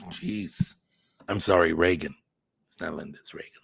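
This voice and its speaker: A channel host reads live chat during a casual livestream, rambling, thinking aloud and swearing now and then. His deep, creaky voice moves at normal speed against a noisy background.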